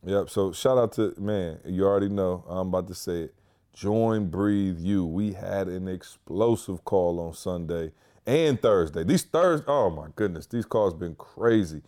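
A man's voice: sits low, unhurried, dark tone. A man co-hosting a podcast in casual chat, loose and rambling, often saying "you know.". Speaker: podcast co-host.

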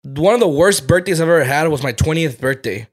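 A man's voice: on the high side, lively intonation, brisk. A man in his twenties, a podcast co-host, telling a candid personal story with plenty of swearing. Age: 20s. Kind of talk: casual chat.

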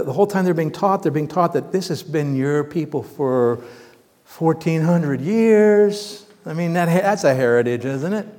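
A man preaching a sermon, teaching through scripture in a conversational way, asking his listeners questions and swinging between loud emphatic bursts and quiet asides. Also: a little high. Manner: conversational, asks the congregation questions. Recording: long reverb of a large hall.

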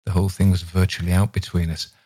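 A man narrating a literary audiobook in a measured, expressive reading. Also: deep voice, no room sound.

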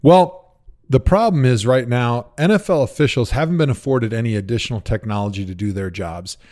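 A man in his thirties talks football on a podcast in an animated, opinionated way. He laughs often and tells stories from his playing days. His voice is mid-pitched and conversational. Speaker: podcast co-host, former pro football player. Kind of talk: casual chat.

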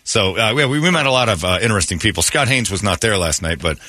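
A man's voice: on the low side, fast talker, dry recording, clean studio sound. A man hosting a morning radio show, joking and telling stories in casual banter. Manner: joking storyteller, animated retelling. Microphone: studio microphone.

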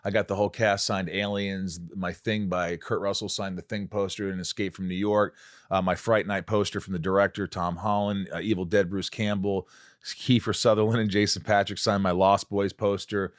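A man with a very low, deep voice hosts a casual chat, blunt and excitable, swearing his way through stories. The sound is dry and close, with no room around it. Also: normal speed, no room sound. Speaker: podcast host.

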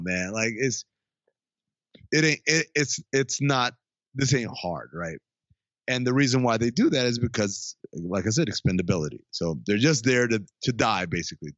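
A man's voice: mid-range voice, a bit bright, no echo. A man chatting casually on a podcast, loose and profane, with frequent laughs. His voice is close and dry, and the sound is a little dull and lo-fi. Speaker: podcast co-host. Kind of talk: casual chat.

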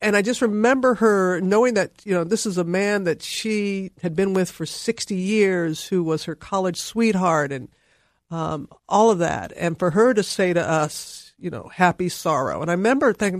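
A middle-aged woman, a guest in a heartfelt conversation, telling her story in an emphatic, animated way. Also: lowish voice, normal speed, dry recording, studio quality.

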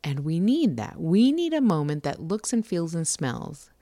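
A woman's voice: fairly low pitch, very animated, measured pace, warm tone, dry recording, studio quality. A woman co-hosting a casual podcast chat, talking animatedly and thinking aloud with restarts. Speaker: podcast co-host.

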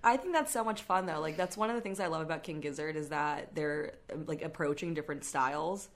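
A woman's voice: sits low, a little fast. A woman hosting a casual chat, enthusiastic and asking her guest questions. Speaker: podcast host.

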